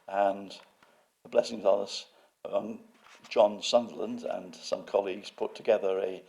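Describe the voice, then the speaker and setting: Gravelly older man telling lecture anecdotes. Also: fairly low pitch, a little mellow. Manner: hesitant, full of fillers and restarts, wry storytelling. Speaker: guest lecturer.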